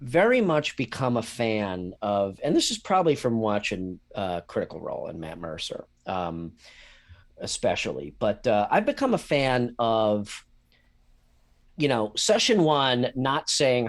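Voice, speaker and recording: A man's voice: on the low side, very animated, normal speed. A man co-hosting a podcast as a game master, hedging his answers and drifting into tangents in casual chat. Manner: hedging, tangent-prone, self-deprecating.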